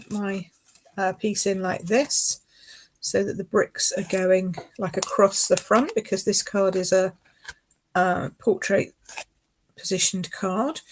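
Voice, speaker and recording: A woman's voice: medium pitch, noisy background. A woman demonstrating card making in a live craft tutorial. She chats casually, often apologises and laughs along the way.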